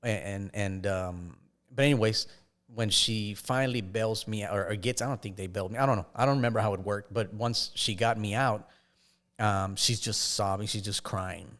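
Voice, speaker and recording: Halting low-voiced man telling stories. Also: a bit bright. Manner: halting, with frequent restarts and fillers. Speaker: podcast guest. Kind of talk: casual personal storytelling.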